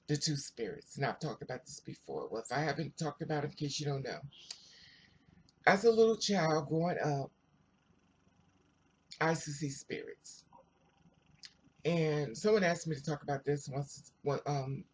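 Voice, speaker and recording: A vlogger telling a personal story to viewers in a chatty, animated way, full of asides. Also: medium pitch, a little hiss or hum. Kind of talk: casual storytelling to camera.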